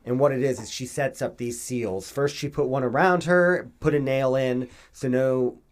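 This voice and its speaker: A man from the United States co-hosting a casual podcast, recapping a manga with lots of laughing and loud acted-out quotes. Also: normal speed. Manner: animated, laughs often, acts out quotes in loud high voices. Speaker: podcast co-host.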